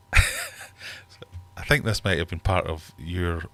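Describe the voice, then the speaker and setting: Speaking very slowly in a very low voice, a British man in his thirties chats casually on a livestream from his home fish room. He rambles good-naturedly and cracks jokes while reading viewers' comments aloud.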